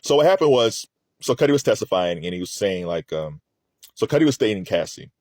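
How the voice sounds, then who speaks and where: A man's voice: lowish voice, big pitch swings, brisk, darkish tone, no echo, studio quality. A man giving casual, rambling commentary on a court trial, laughing often and restarting his sentences.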